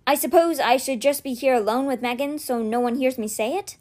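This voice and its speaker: Woman doing a jittery earnest teen boy, kinda high, talks in eager bursts. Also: brisk, a little mellow, natural voice. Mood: nervous.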